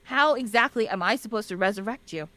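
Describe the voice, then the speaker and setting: A woman voicing a sharp-tongued young female shaman in a retold legend, using casual modern phrasing in her own everyday voice. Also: mid-range voice, lively intonation, a little fast, no echo, natural voice. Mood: placating. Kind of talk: casual storytelling.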